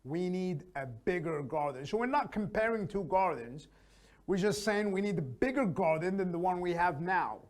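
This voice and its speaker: A man teaching an English grammar lesson, slowly explaining and repeating example sentences. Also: high voice, expressive.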